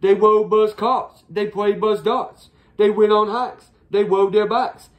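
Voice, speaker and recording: A woman's voice: mid-range voice, steady tone, slow. A woman reading a rhyming picture book aloud in a sing-song way, stopping now and then to fix her slips. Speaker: storyteller.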